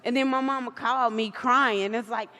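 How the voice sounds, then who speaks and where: A woman giving a casual talk to a live audience, chatty and animated, often acting out what other people said. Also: on the high side, normal speed. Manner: chatty and animated, acts out quoted voices. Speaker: guest speaker. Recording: long hall reverb.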